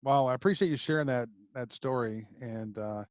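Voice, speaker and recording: A man hosting an interview, asking questions gently and hesitantly. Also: medium pitch, moderate pace, no room sound. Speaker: podcast host. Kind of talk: casual interview.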